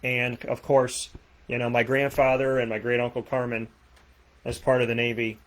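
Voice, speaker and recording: A man with a Boston accent hosting a sports talk show, rattling off plugs and shout-outs with energy. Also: medium pitch, completely flat delivery, moderate pace. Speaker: host. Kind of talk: energetic radio show sign-off.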